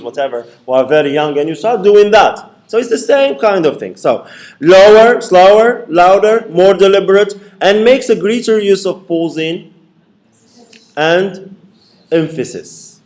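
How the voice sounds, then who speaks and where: Man lecturing a class, slightly high voice. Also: expressive, normal speed, darkish tone. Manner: explains by repeating points, checks in with "okay?". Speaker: university lecturer.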